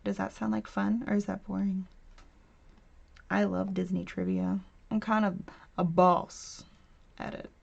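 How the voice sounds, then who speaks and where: A woman's voice: medium pitch, little pitch movement, a little slow, gravelly, long pauses. A woman in her thirties hosting a casual craft livestream from home, chatting and laughing with viewers and reading their comments aloud. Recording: dull lo-fi stream audio.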